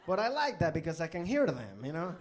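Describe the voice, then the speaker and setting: A male stand-up comic performing live in a comedy club, talking into a handheld mic. His pitch swings widely and he leaps into loud, exaggerated voices for the people in his stories. The delivery is lively and punchy. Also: fairly quick. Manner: animated, jumps into loud character voices.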